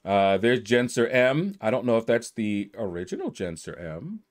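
A man giving relaxed, casual game commentary as he reads through a leaderboard, congratulating players and playing with their names. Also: lowish voice, normal speed. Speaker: gaming YouTuber.

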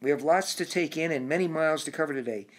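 Guy doing a wise old turtle, calm and reassuring, storybook read. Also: fairly high pitch, fast talker, natural voice. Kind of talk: audiobook character voice.

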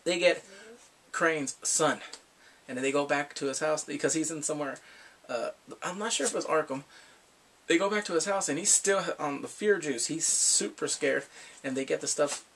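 A man's voice: on the high side, moderate pace, fairly bright tone, recorded from a distance, slight background noise. A man casually recapping and reviewing a TV episode, laughing often and acting out characters' lines.

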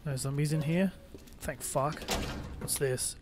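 Swearing constantly, a young let's play gamer comments on his horror game run in a slightly high voice, taking it slowly with long pauses. Scares make him yelp in sudden loud bursts, and there's slight noise in the background.

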